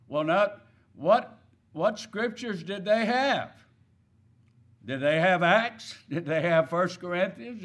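A man's voice: fairly high pitch, a bit bright. A man preaching a sermon, stressing key words and asking his listeners rhetorical questions.

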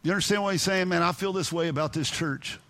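A pastor preaching with a high, bright, ringing voice. He drives his points home emphatically, at times nearly shouting, then drops into quiet, earnest talk. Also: quick pace. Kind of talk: sermon.

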